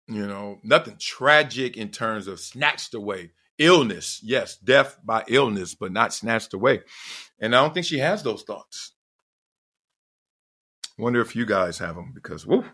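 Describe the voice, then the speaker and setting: A middle-aged man from Southern California who tells a personal story with lots of feeling. His pitch jumps around and he sometimes lets out loud whoops. His voice has a bright, forceful edge. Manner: emphatic, digressive, bursts into loud whoops. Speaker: podcast host.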